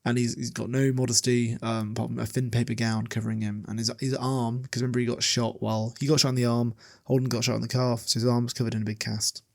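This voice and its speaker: A man's voice: mid-range voice, flat delivery, quick pace, gravelly, darkish tone. Rambling man recapping a book. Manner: rambling, laughs often, many fillers. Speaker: podcast host.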